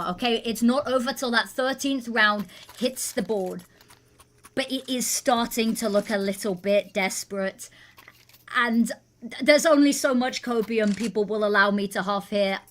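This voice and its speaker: A woman giving energetic, playful live esports commentary. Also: on the high side. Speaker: esports caster.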